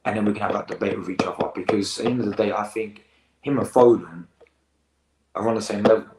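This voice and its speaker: Low-voiced slangy teen lad streaming. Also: male voice, fast talker, reverberant, noisy background. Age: teens. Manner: excitable, rambling, slangy. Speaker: football reaction host. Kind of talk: casual live-stream chat.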